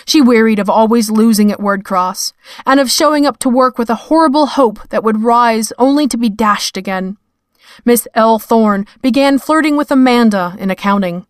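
Woman reading a story aloud, measured and a bit wry, dead dry room. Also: fairly high pitch, no echo. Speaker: narrator. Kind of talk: scripted fiction narration.

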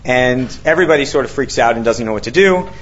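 A man's voice: medium pitch, fast talker, slightly rough. A man telling a long story to an audience, acting out what people said, with many fillers and restarts. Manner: animated, acts out quotes, many fillers and restarts. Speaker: author speaking to an audience. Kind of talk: storytelling talk with quoted dialogue. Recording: dull lo-fi recording.

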